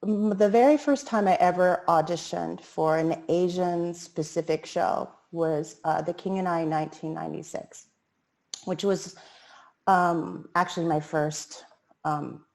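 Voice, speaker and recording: A woman speaks on a panel and recounts an early audition in a chatty, conversational way. Her voice is on the low side for a woman, and she pauses often with fillers. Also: steady tone, gravelly, darkish tone. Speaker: panel guest, performer. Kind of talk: casual storytelling on a panel.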